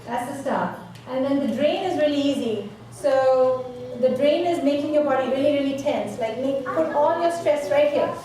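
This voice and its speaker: A woman's voice: high voice, moderate pace, mellow. A woman presenting a live workshop, coaxing her listeners through breathing exercises with many repeated words. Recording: echoey room from far off, noisy.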